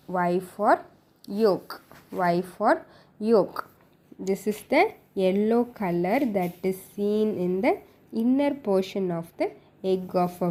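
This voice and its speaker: A woman's voice: mid-range voice, mellow. A woman teaching young children a phonics lesson, repeating each word and asking the class simple questions. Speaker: kindergarten teacher.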